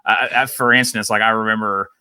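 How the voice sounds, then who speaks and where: A man talking as a guest in a casual podcast chat, relaxed and chatty, laughing easily. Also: fairly low pitch, brisk, smooth, no room sound.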